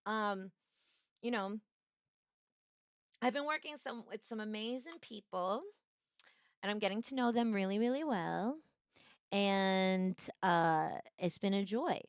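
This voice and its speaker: A young woman streaming casual chat, bubbly and playfully teasing, jumping up high to greet viewers. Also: takes it slowly, pauses often, clean tone, no room sound, clean studio sound. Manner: bubbly, greets chatters with high-pitched squeals.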